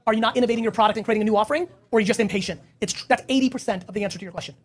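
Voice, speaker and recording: A man's voice: high voice, rapid-fire. A man hosting a live audience Q&A, answering questions in a blunt, emphatic way and swearing often. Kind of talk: live Q&A talk.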